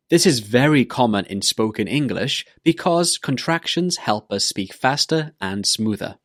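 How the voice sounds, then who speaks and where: A man teaching English pronunciation in a scripted lesson, speaking slowly and deliberately and repeating words for learners to copy. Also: mid-range voice, big pitch swings, no echo, studio quality.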